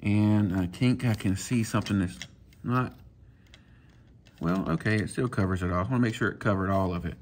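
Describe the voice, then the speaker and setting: A man, casually talking viewers through swapping a reel handle, folksy and relaxed as he works. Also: on the low side, normal speed, a little hiss or hum. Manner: relaxed, talks to himself while working, folksy. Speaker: fishing channel host. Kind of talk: casual hands-on tutorial.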